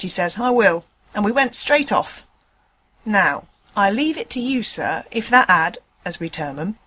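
A woman's voice: fairly high pitch, fairly bright tone, husky, exaggerated voice. A woman voicing a chatty, indignant male tram conductor, rambling in folksy dialect. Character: chatty working-class male tram conductor, middle-aged.

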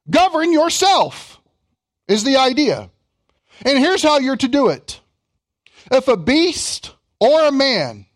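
Male pastor with a Kentucky accent, very high and lively voice, reads scripture slowly and then jokes with the congregation. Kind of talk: sermon.

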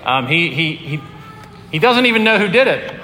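A man's voice: on the high side, big pitch swings, normal speed, pushed and bright. A man preaching a sermon as pastor in a conversational, earnest way with many fillers. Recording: echoey hall, long reverb, faint room noise.

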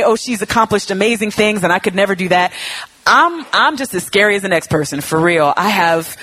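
A woman preaching a heartfelt sermon in a church, animated, acting out her own words and God's replies. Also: medium pitch, breathy edge, no echo. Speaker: pastor.

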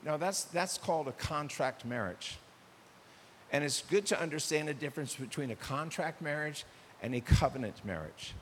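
An older man delivers a lively sermon, his voice sitting a little high for a man. He jumps into small acted-out exchanges, and a long reverb and a faint hiss trail behind every phrase. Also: normal speed. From United States. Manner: animated, acts out dialogue in shifting voices. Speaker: pastor.

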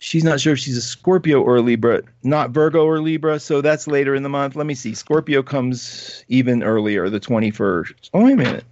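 A male astrology show host, medium in pitch, talks fairly quickly with few pauses as he reads viewer comments live. He's animated and chatty, laughing a lot, though the audio sounds dull.

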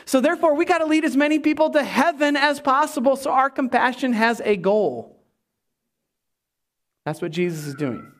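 A pastor delivering a sermon, emphatic and animated, with humorous asides to the congregation. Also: male voice, very high-pitched, normal speed.

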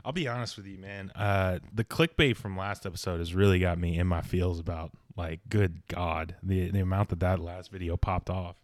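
Low-voiced man, rambling storyteller. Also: moderate pace, hardly any pauses, dry recording, studio quality. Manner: rambling, animated storytelling with acted-out quotes. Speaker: podcast co-host. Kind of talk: casual chat.

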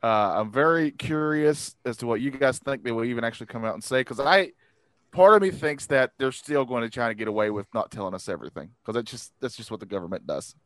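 A man hosts a casual podcast chat, rambling along with plenty of uhs and restarts. His voice sits at a middle pitch. The sound is close and dry, with no room around it. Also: quick pace, no echo. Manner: rambling, many fillers and restarts. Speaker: podcast host.

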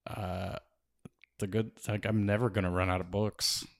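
A man's voice: on the low side, little pitch movement, moderate pace, gravelly. A man and father talking casually about reading books to his children, enthusiastic and a bit rambling. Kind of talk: casual chat.

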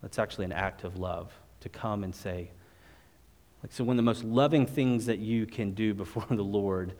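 Low-voiced man preaching in a reverberant hall. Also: normal speed, darkish tone. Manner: earnest, conversational, with frequent restarts. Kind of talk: sermon and closing prayer. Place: church service. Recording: long reverb of a large hall.

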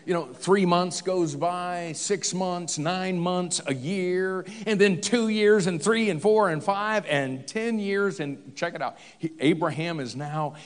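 A man's voice: high voice, takes it slowly, few pauses, in a large hall. A man preaching a sermon, retelling a story with humor in a conversational way. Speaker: pastor.

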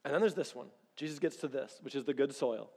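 Animated pastor preaching in a reverberant hall. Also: male voice, medium pitch, fast, breathy edge. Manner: animated storytelling, acts out quoted dialogue. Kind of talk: sermon.

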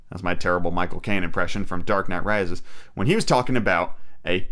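Rambling, swearing podcast host. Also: male voice, sits low, brisk, pushed and bright, smooth. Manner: rambling, profane, self-mocking. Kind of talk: casual storytelling.

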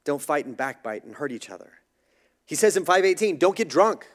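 With a fairly quick, sing-song delivery and a slightly high voice, a male pastor preaches informally. He makes himself the butt of jokes and imitates the voices of characters in his stories, all in a conversational manner.

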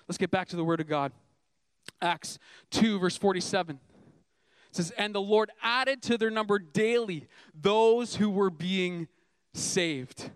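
A man's voice: sits high, moderate pace, no room sound. A young man preaching a sermon as a youth pastor, earnest and emphatic, asking the congregation rhetorical questions.

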